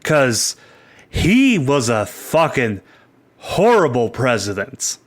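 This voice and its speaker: A man co-hosting a casual podcast chat, swearing freely, rambling and animated. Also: mid-range voice, slow. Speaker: podcast co-host.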